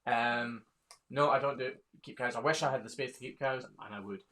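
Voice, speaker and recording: A man's voice: medium pitch, steady tone, moderate pace, fairly bright tone, a little hiss or hum. A man, a hoof trimmer chatting casually on a live stream, reading viewer questions aloud and laughing often. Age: 30s.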